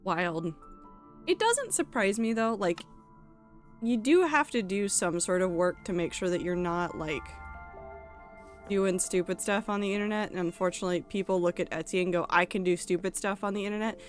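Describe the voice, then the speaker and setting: Woman streamer, casual chatty gaming talk, mid pitch, lots of likes. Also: animated, normal speed, faint music behind. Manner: rambling, chatty, many filler likes. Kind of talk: casual live-stream chat while gaming.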